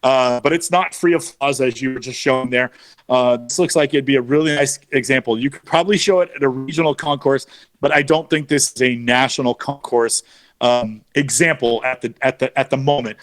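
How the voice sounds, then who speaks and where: A man's voice: mid-range voice, brisk, no room sound. A man co-hosting a casual chat about car auctions, rattling off prices and specs with easy knowledge. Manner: knowledgeable, states numbers and specs. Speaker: co-host of a car auction show.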